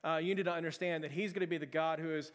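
A middle-aged male pastor preaching a sermon in a casual, animated storytelling way. He acts out scenes in a raised voice. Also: on the high side, racing. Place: church. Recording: long church hall reverb.

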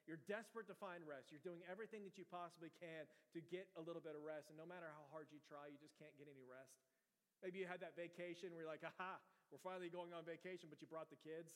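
A man preaching in a sanctuary, who moves from soft prayer into a brisk, animated story. His voice sits a little high and carries a long reverberation from the hall around him. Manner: prays softly then tells stories animatedly. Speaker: pastor.

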